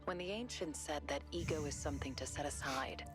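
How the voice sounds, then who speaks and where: A woman voicing a low, calm, self-assured game narrator. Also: a little fast, natural voice. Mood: reflective. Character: calm, self-assured female voice philosophizing about ego. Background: game music.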